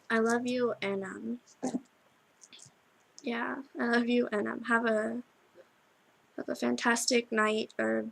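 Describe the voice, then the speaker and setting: A teenage girl recording a tearful video message to her best friend, halting and full of restarts as she cries. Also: a little high, vocal fry, rough recording. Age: teens. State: crying. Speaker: vlogger.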